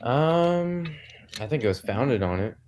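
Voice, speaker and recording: A man's voice: medium pitch, sing-song, unhurried, darkish tone, slight background noise. A man chatting casually with a stranger on a video call, hesitant and agreeable. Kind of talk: casual conversation.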